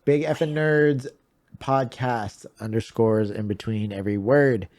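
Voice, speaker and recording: A man's voice: mid-range voice, unhurried, a little mellow. Easygoing male podcast host. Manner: easygoing, laughs often. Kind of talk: casual chat.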